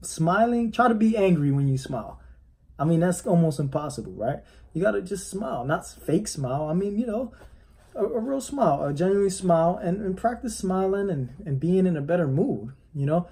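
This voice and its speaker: Man, real estate agent, casual vlog, rambling coaching talk, husky, slightly high voice. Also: expressive, moderate pace, a little mellow. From United States. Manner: rambling, restarts often, coaching tone.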